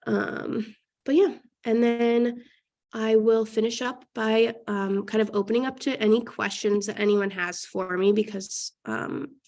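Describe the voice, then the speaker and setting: Nasal, creaky-voiced Midwestern woman. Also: fairly high pitch, fairly even intonation, a little mellow. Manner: fast-talking, lots of fillers. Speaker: guest real estate investor. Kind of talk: casual webinar talk.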